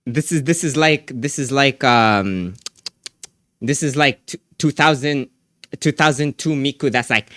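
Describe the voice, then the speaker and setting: A man's voice: medium pitch, unhurried, sharp tone, no echo, clean studio sound. A young man streaming live, chatting casually in a rambling, slangy way with lots of restarts.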